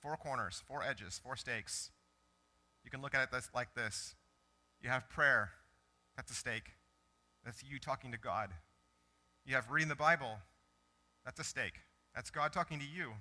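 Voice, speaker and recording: Man, pastor, very bright voice, chatty animated sermon, church. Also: medium pitch, a little slow, pauses often. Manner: conversational, animated storytelling with self-corrections. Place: church sanctuary.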